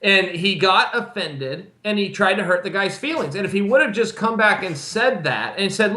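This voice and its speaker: A man's voice: high voice, animated, moderate pace, few pauses, bright, forceful tone. A man speaking as a guest on a talk show, blunt and opinionated in casual chat. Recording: roomy echo.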